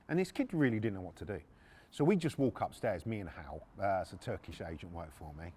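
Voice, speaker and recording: A man's voice: fairly low pitch, big pitch swings, fairly quick, darkish tone, slightly rough. A middle-aged man, a podcast host and former repo man, telling a story casually and bluntly, swearing and restarting his sentences.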